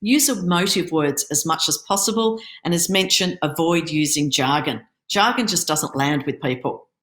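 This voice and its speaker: A woman with a fairly low voice talks through presentation tips in an instructive coaching tone, now and then tripping over a word. She speaks over a video call. Her voice bounces around a roomy, echoey space. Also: moderate pace, a bit bright. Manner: instructive, coaching tone with occasional stumbles. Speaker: startup accelerator program manager giving a pitching workshop. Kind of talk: online presentation.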